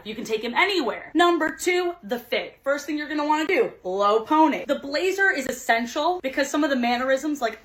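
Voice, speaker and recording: A woman's voice: fairly high pitch, a bit bright, low-quality recording. A woman in her twenties giving a chatty, self-mocking comedy tutorial. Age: 20s. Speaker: content creator.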